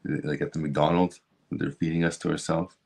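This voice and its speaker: A man's voice: rumbling low, flat delivery, normal speed, creaky, a little mellow. A man hosting a stream, ranting about politics in a heated, profane way with lots of restarts. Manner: heated, swearing, repeats and restarts. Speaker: show host.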